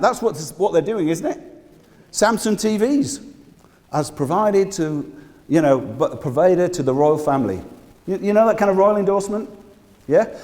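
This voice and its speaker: A man's voice: animated, normal speed. Man preaching in a reverberant church hall. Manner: conversational, asks the congregation questions; drops to a low hush when telling a story. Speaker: guest preacher. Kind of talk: sermon.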